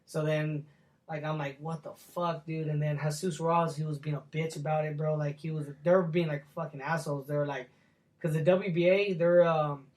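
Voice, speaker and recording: This young pro boxer has a fairly high, steady, somewhat dark voice and a brisk delivery. Sitting down for a relaxed interview, he tells stories loosely, packed with slang, "like," "bro," and free swearing.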